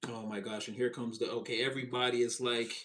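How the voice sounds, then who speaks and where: A man giving a casual, animated tarot reading, chatty and expressive and quick to laugh. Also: medium pitch, a little hiss or hum. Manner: animated, chatty, swings into voices, laughs often. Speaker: tarot reader.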